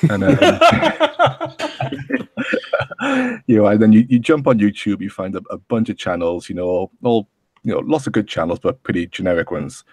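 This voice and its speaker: A man's voice: lowish voice, quick pace, dark tone, no room sound. A man appearing as a podcast guest, chatting casually and rambling with lots of "you know". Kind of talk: casual chat.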